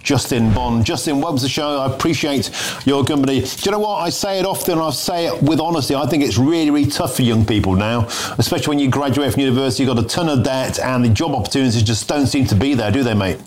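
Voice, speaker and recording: A man's voice: medium pitch, fast talker, hardly any pauses. A middle-aged man hosting a radio talk show, emphatic and repeating himself, calling his guest mate. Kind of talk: call-in radio chat.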